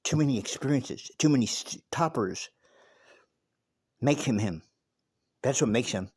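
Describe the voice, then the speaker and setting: A man tells a story in a loose, spoken monologue. He is emphatic and swears often, restarting with repeated words. His voice sits in a middle pitch and sounds dry and close. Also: animated, measured pace, darkish tone, breathy edge, no echo. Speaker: speaker telling a story.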